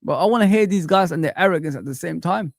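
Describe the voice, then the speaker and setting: A man's voice: high-pitched, fast talker, gravelly, dry recording. Dry, ranting man hosting a stream. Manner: animated, exasperated ranting with repeated phrases. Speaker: live stream host. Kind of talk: live chat stream.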